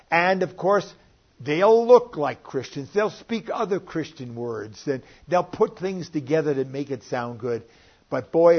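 A man's voice: mid-range voice, husky. An older man preaching a sermon, earnest and rising and falling in volume as he quotes scripture. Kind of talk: sermon teaching. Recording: dull lo-fi recording.

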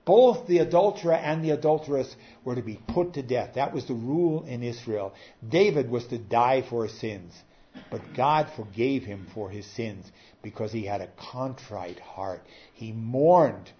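A man preaching a sermon earnestly, with rising and falling emphasis and frequent pauses. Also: medium pitch, lively intonation. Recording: slightly dull lo-fi sound.

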